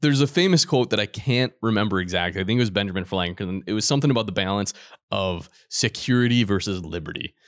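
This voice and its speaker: A man co-hosting a podcast, answering in a calm, measured way. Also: fairly low pitch, no room sound, clean studio sound. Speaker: podcast co-host. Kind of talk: casual chat.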